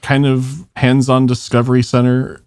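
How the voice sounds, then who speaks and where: A man in casual podcast chat, telling stories in an animated way, laughing and swearing as he acts out what people said. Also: mid-range voice, normal speed, dry recording, studio quality. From Charlotte, North Carolina, US.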